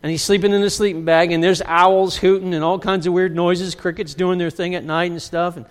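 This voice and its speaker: A man preaching a sermon as pastor, emphatic, swinging from loud outbursts to quiet, drawn-out lines. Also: sits high, flat delivery, big-room sound.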